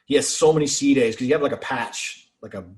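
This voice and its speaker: Male podcast guest, lively salty navy storyteller, mid pitch. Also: fast talker. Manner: profane, animated anecdotes with quoted voices. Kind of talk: casual storytelling.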